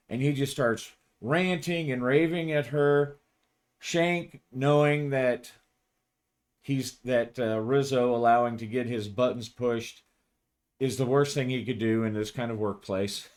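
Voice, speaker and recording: A man's voice: mid-range voice, fairly even intonation, unhurried. Chuckling man narrating a solo tabletop game. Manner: casual, chuckling, frequent restarts. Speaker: game master.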